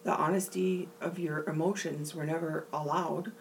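A woman's voice: deep voice, fairly even intonation, moderate pace, distant mic, a little hiss or hum, low-quality recording. A woman co-hosting a podcast, talking earnestly and emphatically about her family and a past relationship. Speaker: podcast co-host. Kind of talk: candid personal conversation.

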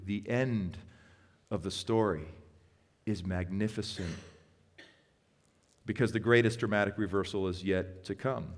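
A male pastor delivers a sermon in a storytelling way, leaning on key words by slowing right down. His voice sits fairly low and carries a long reverb from a church sanctuary. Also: steady tone. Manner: storytelling, with emphatic slow stresses.

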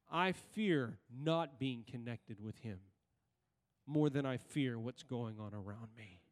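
Speaking slowly but animatedly in a mid-range voice, a male pastor delivers a sermon in a church sanctuary. He keeps asking the congregation questions and waiting for them to respond, while the hall's reverb lingers.

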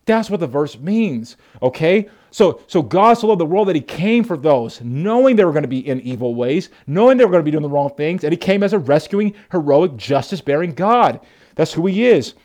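A man's voice: fairly high pitch, sing-song, brisk, darkish tone. A male pastor preaching a sermon in an earnest, emphatic manner, often calling his listeners "folks".

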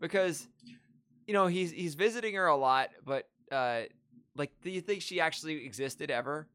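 A man with a lively, rising-and-falling voice co-hosts a movie podcast, posing questions and restarting his sentences. The sound is dry and close, with a slightly higher pitch. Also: smooth, no echo. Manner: animated, asks questions, halting restarts. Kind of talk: casual podcast chat about a movie.

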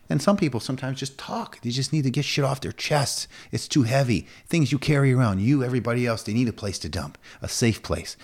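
This is a fitness coach from the United States, a man in his forties, being interviewed. He talks in a casual, emphatic way, repeating himself often and swinging quickly up into a high pitch.

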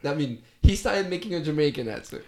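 A man guesting on a podcast, an excitable storyteller retelling events in casual chat. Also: on the high side, quick pace. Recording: crowd noise behind.

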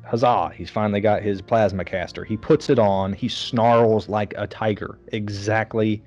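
Lowish sarcastic guy ranting abt a movie, lo-fi sound w faint music. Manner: sarcastic, animated storytelling with mocking voices. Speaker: podcast co-host reviewing a film. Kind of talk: casual chat.

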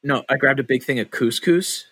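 A man of mid-range pitch co-hosting a podcast from home. He rambles in relaxed chat, often restarting his sentences and dropping casual swears. His voice is recorded dry and close. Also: moderate pace, breathy edge, no echo. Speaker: podcast co-host.

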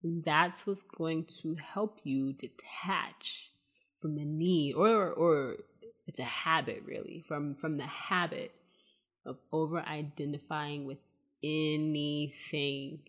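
A woman with a fairly low voice hosts a casual spiritual podcast. She talks in a soft, meandering way, full of fillers, and addresses her listeners as y'all. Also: slow, husky. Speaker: podcast host.

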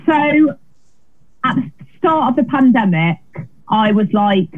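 Brief: a fairly high-voiced woman comedian, casual and rambling, thin remote-call sound. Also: takes it slowly, long pauses. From Britain. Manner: chatty, self-deprecating, many restarts. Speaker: comedian guest. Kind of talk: casual interview chat. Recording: tinny phone-like remote line.

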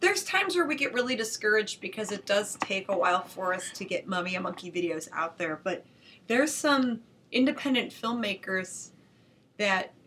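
A woman's voice: medium pitch, sing-song, moderate pace, fairly bright tone, slight background noise. A woman co-hosting a podcast in casual chat, chatty and upbeat. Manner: chatty, upbeat, laughs easily. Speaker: podcast co-host.

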